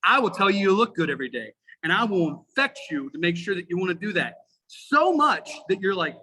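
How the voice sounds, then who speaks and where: A man in his forties talks on a podcast with a high, bright, forceful voice. He swears constantly and speaks with real emphasis, all fired up. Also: big pitch swings, brisk, breathy edge, low-quality recording. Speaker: podcast guest, firefighter lieutenant. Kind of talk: casual podcast chat.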